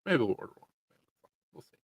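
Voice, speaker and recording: A man's voice: a little fast, dry recording, rough recording. A man hosting a casual livestream, chatting in a laid-back, rambling and jokey way. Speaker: livestream host. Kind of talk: casual chat.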